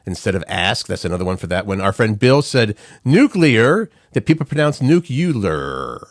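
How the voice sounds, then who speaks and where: A man with a lowish voice co-hosts a morning show, chatting casually and cracking playful asides. The sound is close and dry, with no room around it. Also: very animated, normal speed, dry recording. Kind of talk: casual radio chat.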